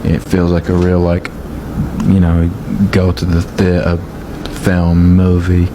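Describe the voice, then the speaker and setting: A man answering an interview question haltingly, with lots of fillers. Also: low voice, completely flat delivery. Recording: noisy background.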